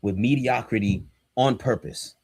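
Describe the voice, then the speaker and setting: A man's voice: medium pitch, a little slow, darkish tone, breathy edge, dry recording, studio quality. A man, a pastor and podcast co-host, talking in a casual but preachy, emphatic and slangy way. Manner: emphatic and fired up, slangy and direct.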